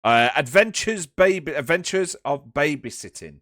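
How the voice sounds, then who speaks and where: A man hosting a casual chat, lively and swearing, calling on the others to speak. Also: on the high side, moderate pace, no room sound, studio quality.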